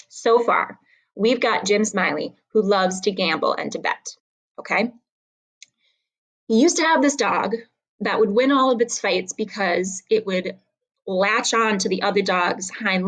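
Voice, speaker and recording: A woman's voice: medium pitch, gravelly, a bit bright, low-quality recording. Casual woman reading a story aloud. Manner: casual and conversational. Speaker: reader.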